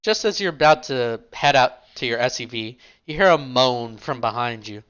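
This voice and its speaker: Bright-voiced male game master. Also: medium pitch, expressive, moderate pace, smooth, dull audio. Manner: casual, apologetic narration. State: lightheaded, unwell. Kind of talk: narrating a tabletop role-play game.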